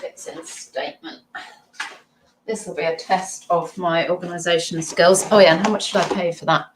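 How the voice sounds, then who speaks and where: A woman's voice: fairly low pitch, steady tone, moderate pace, heavy background noise. A woman vlogger chatting casually and rambling about her resale items, with giggly asides. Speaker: eBay reseller vlogger. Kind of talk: casual chat to viewers.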